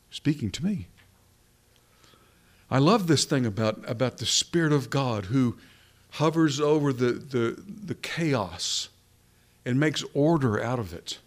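Preacher, male, mid-pitched voice, earnest sermon delivery with repeated phrases for emphasis.

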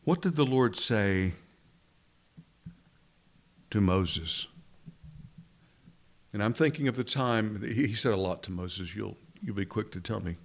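A man's voice: on the low side, slow pace, long pauses. Man preaching a conversational sermon. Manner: conversational teaching with rhetorical questions.

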